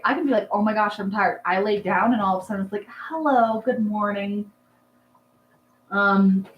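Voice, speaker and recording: A woman's voice: mid-range voice, a bit bright, echoey room, low-quality recording. A young woman hosting a casual livestream, chatting and answering comments in a rambling, filler-heavy way. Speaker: livestream host, rabbit breeder. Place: dark barn at night.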